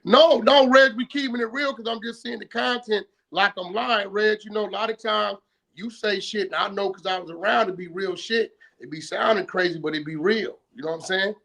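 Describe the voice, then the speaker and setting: A man's voice: sits high, brisk, vocal fry, bright, forceful tone. A man from California retelling a story in casual streetwise slang, often checking in with "right?" and acting out both sides of old phone calls. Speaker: guest.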